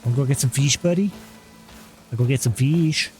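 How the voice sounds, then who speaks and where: A man's voice: mid-range voice, moderate pace, a little mellow, soft background music. A man streaming a video game live, chatting casually and coaxing an in-game cat with a playful voice. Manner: chatty, talks to in-game cat, baby-talk and meowing. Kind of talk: live gameplay commentary.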